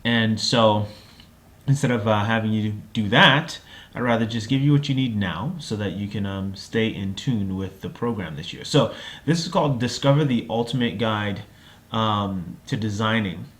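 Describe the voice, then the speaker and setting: A man coaching on lifestyle design, giving a casual promotional talk full of fillers and tag questions. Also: lowish voice. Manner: chatty storyteller, many fillers and tag questions. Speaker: lifestyle and time-management coach.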